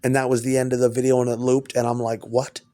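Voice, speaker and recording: A man's voice: mid-range voice, monotone, quick pace, warm tone. Man rambling in a profane monologue. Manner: profane, stream-of-consciousness rambling. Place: at home.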